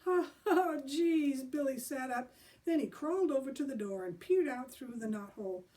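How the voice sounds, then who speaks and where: A woman librarian reading a children's chapter book aloud expressively, pausing to talk about the pictures. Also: sits high, dark tone, recorded from a distance.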